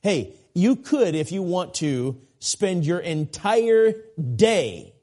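Mellow-voiced preacher man in his forties. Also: high-pitched, expressive, a little slow, few pauses. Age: 40s. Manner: earnest, repetitive emphasis with folksy asides and self-deprecating jokes. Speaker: guest preacher. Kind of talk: sermon.

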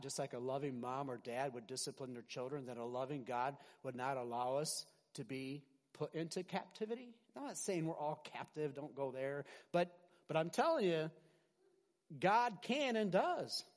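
A middle-aged man preaching a sermon as pastor, animated, swinging from loud emphasis to quiet asides and often restarting his words. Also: on the high side, normal speed. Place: large hall with a congregation. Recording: long hall reverb.

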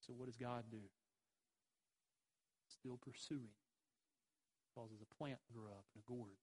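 A man's voice: medium pitch, fairly even intonation, unhurried, a little mellow, slightly rough, low-quality recording. A man preaching a sermon, emphatic, with rhetorical questions and repeated phrases. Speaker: pastor.

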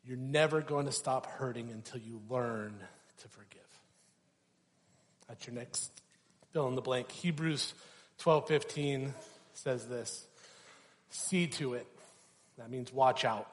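A man's voice: medium pitch, slow, pauses often. A young male pastor delivers a sermon in a storytelling manner, acting out quoted voices. His mid-range voice rings with a long reverberant tail, as if recorded in a church hall.

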